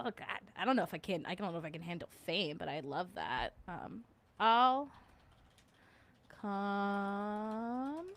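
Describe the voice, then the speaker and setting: Chatting with her viewers on a relaxed livestream, a woman reads out their comments, cracks jokes, laughs a lot and hums small tunes to fill gaps. She has a medium-pitched, slightly bright voice.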